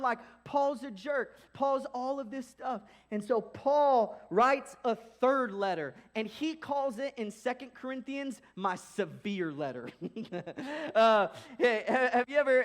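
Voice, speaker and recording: A young male pastor with a very high-pitched voice preaching a sermon. He keeps it casual and animated, slipping into little acted-out voices for the people in his story.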